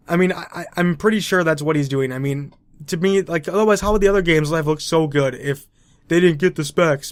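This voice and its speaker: A man's voice: on the high side, dry recording. A young man hosting casual gaming news commentary, chatty and opinionated with sarcastic asides.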